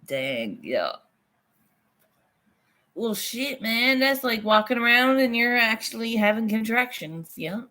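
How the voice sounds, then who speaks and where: Slow-talking, chatty woman streamer. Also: fairly high pitch, sing-song, pushed and bright. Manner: chatty, swearing, laughing often. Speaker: livestream host. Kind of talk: casual livestream chat reading comments.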